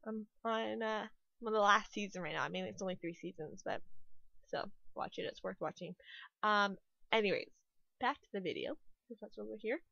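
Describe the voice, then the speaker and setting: Here a young Canadian YouTuber who works in a restaurant talks casually through a speed build, filling her rambling with "like" and "you know." Her mid-range voice moves at normal speed, with vocal fry and a sharp tone, captured in a muffled recording without room sound.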